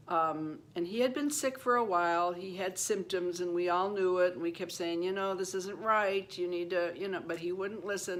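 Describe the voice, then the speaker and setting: A woman's voice: fairly low pitch, steady tone, moderate pace, few pauses. A woman in her seventies hosting her own channel, telling a true personal story in a loose, rambling way that keeps circling back with "anyway" and "you know.". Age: 70s. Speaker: channel host. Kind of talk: personal story told to camera.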